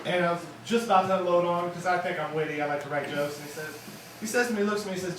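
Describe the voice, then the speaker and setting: A man's voice: sits high, fast, fairly bright tone. Young guy doing open mic standup, lots of ums, mic kinda far off, bar noise behind. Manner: rambling, self-deprecating, lots of fillers. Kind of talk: stand-up comedy set. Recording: echoey room, distant mic, bar noise.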